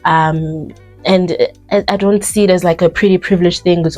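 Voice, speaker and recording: A woman's voice: lowish voice, fairly even intonation, normal speed, darkish tone, soft background music. A woman in her thirties with a South African accent, chatting earnestly on a vlog about life after moving. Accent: South African English. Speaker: vlogger. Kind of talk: casual chat.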